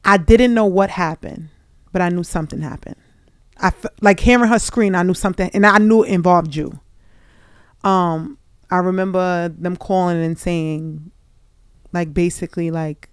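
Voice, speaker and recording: Smooth-voiced woman interviewer. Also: on the low side, fairly even intonation, normal speed, dry recording, clean studio sound. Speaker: host.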